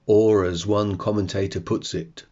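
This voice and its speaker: A man hosting a devotional podcast, reading and reflecting on a psalm in a slow, measured way. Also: lowish voice, fairly even intonation, darkish tone, muffled recording. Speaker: podcast host.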